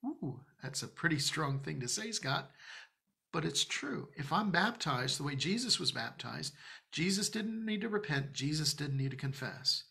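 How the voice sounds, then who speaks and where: Male preacher, church sermon, gravelly, conversational and emphatic. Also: a little high, sing-song, normal speed, pushed and bright. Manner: conversational, emphatic, self-addressing asides. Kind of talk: Bible-study sermon.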